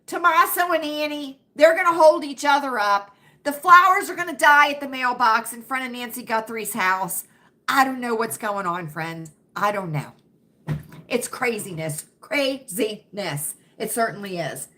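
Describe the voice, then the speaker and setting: A woman's voice: fairly high pitch, moderate pace, pushed and bright. An American woman hosting a casual livestream chat, talking dramatically to her viewers and calling them friends. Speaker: livestream host.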